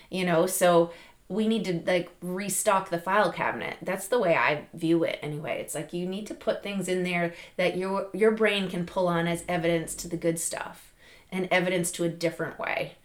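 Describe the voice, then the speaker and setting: A middle-aged woman hosting a podcast, giving an animated, chatty motivational talk with lots of fillers and laughs. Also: on the low side. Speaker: podcast host. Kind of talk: casual motivational monologue.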